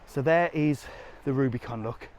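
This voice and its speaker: A man's voice: mid-range voice, normal speed, darkish tone, slight background noise. A man doing a live walking vlog, chatting cheekily and rambling as he strolls along a seaside resort promenade, filming on a handheld phone. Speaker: travel vlogger.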